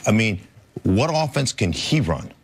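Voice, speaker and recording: A man's voice: lowish voice, very animated, a little slow, husky. A man and former pro football player chatting and telling stories on a sports debate show. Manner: conversational, storytelling, frequent agreeing interjections.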